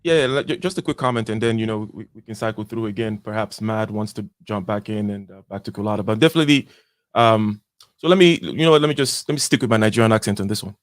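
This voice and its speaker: A man joining an online panel as a guest, explaining at a measured pace with hedging asides. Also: fairly low pitch, dry recording, clean studio sound. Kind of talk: casual panel discussion.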